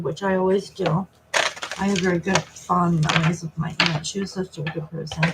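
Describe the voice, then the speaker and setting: Soft-spoken woman tarot reader, noisy recording. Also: on the low side, fairly even intonation, moderate pace. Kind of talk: live reading, relaying spirit messages.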